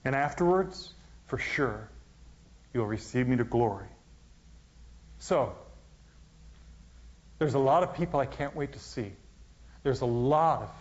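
Male pastor, sermon delivery, dramatic loud-to-whisper swings, muffled lo-fi sound. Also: mid-range voice. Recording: dull, lo-fi sound.

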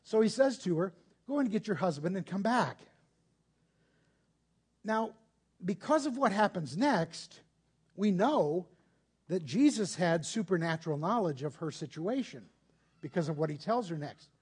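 A man's voice: high voice, lively intonation, unhurried, pauses often, a little mellow, husky. A man preaching a conversational sermon, explaining patiently and putting rhetorical questions to his listeners.

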